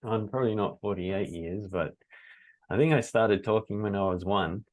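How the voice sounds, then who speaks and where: A man in his forties co-hosting a casual talk show, hesitant and halting, with many pauses. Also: fairly low pitch, a little mellow. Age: 40s. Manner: hesitant, lots of ums and restarts. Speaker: podcast co-host, data scientist. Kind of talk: casual conversational chat.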